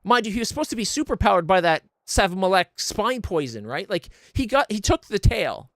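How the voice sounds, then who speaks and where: A man's voice: high voice, sing-song, brisk, fairly bright tone, dry recording, studio quality. A man streaming a game blind, ranting in exasperated, profane casual commentary into a desk mic.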